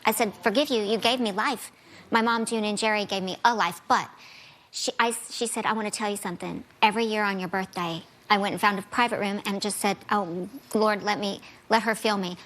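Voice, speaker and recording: A woman guest chatting on a talk show, telling stories with lively acted-out quotes. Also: medium pitch, brisk. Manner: animated storyteller, acts out quotes. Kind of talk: casual chat.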